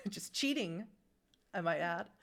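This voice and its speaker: A woman runs a tabletop horror game as storyteller. She narrates casually with plenty of fillers, in a slightly low voice. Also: lively intonation, slow pace, a bit bright. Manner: chatty, laughs often, many fillers. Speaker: game master.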